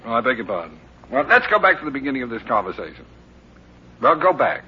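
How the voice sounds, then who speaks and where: A man's voice: medium pitch, very animated, quick pace, lightly acted. An actor playing a flustered husband in a radio comedy who fumbles, mutters to himself and hurries his words. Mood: defensive. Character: flustered middle-aged husband, sheepish and evasive. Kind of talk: 1940s radio comedy acting. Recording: dull old radio recording with faint hiss.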